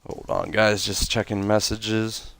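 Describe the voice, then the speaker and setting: A man's voice: on the low side, completely flat delivery, a little slow, a bit bright, clean tone, dry recording. A man with a slightly nasal, congested voice from a cold, hosting a livestream and making casual announcements with lots of fillers and self-corrections. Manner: rambling, chatty, frequent fillers and self-corrections. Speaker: league host and event coordinator.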